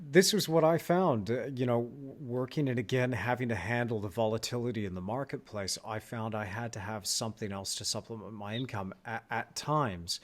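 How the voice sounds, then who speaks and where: A young man hosting an interview, speaking earnestly and reflectively with frequent stammered restarts. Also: medium pitch. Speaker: host, artist. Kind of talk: casual interview conversation.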